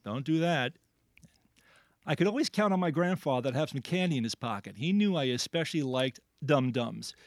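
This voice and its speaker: A man's voice: a little high, fairly quick, no room sound, studio quality. A man hosting a playful word quiz on a radio show, joking and laughing often. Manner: animated, jokey, laughs often. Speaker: quiz host.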